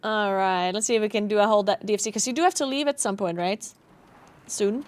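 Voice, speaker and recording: A woman's voice: mid-range voice, fast. A woman from South Tyrol with a South Tyrolean German accent, a streamer chatting casually during a game, laughing often and thanking viewers. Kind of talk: casual gaming stream chat.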